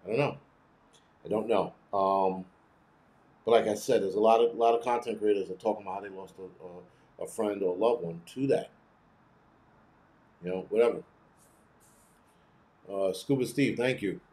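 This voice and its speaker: A man's voice: fairly low pitch, moderate pace, long pauses, darkish tone. Blunt, profane New man ranting. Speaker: host. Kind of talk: casual livestream commentary.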